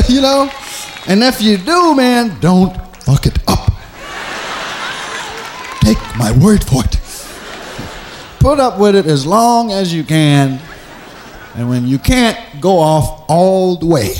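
A man's voice: high-pitched, big pitch swings, slow pace, pauses often, darkish tone, some chatter behind, a little hiss or hum. A man doing a stand-up comedy routine, telling stories in a loose, profane way and slipping into voices of himself. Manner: slips into mimicked voices of himself.

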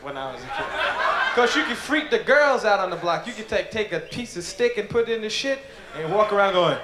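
A man performing stand-up comedy, telling animated, profane stories. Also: high-pitched, a little fast, echoey room, heavy background noise. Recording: live club recording with loud crowd laughter.

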